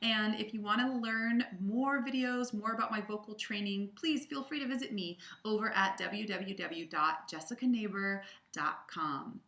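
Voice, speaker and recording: A woman voice coach leading a guided vocal warm-up lesson, cueing and counting the singer through each exercise in an encouraging way. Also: medium pitch, moderate pace, hardly any pauses. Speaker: voice and audition coach. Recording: roomy sound with piano behind. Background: piano accompaniment.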